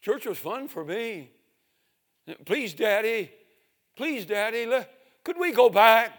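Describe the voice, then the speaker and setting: A man doing a high pleading little boy. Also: lively intonation, slow, heavily acted. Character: young boy pleading with his father. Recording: reverberant hall.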